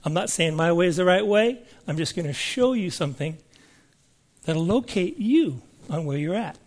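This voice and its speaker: A man with a high-pitched voice delivers a sermon to his congregation. He keeps it conversational and often checks in with the room by asking questions. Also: animated, normal speed, darkish tone. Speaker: preacher. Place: church service before a congregation.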